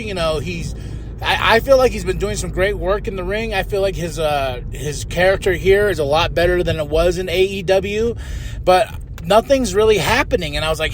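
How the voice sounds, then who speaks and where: A man hosting a podcast, casually recapping a wrestling show with animated paraphrased quotes. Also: high-pitched, slight background noise. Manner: animated, paraphrases wrestlers in quick put-on voices, chuckles. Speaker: podcast host.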